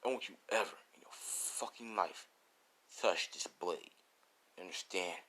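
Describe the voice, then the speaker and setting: A man's voice: low-pitched, a little slow, sharp tone, breathy edge, voice pushed down, exaggerated voice. A man doing a grim teen swordsman. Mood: menacing. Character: grim teenage boy swordsman, cold and threatening.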